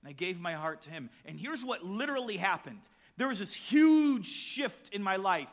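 A middle-aged male pastor preaching, telling a personal story with lively acted-out voices and then reading scripture aloud. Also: high-pitched, normal speed. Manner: animated storytelling, acts out shouts and voices.

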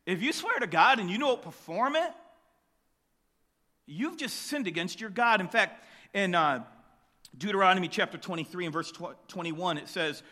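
A man preaching a sermon, emphatic, with loud rising bursts on key lines. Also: high voice, animated, a little fast, long reverb tail. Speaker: pastor.

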